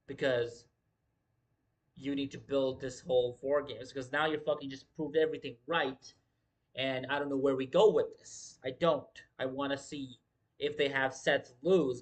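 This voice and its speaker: A man hosting a wrestling livestream in casual commentary, talking emphatically with lots of swearing and repeating his points. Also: mid-range voice. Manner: profane, emphatic, repeats himself.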